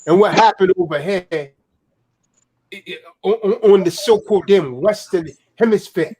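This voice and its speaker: A man's voice: high voice, moderate pace, dark tone. A man delivering a heated, profane political rant in a preaching manner, tagging "man" onto his lines.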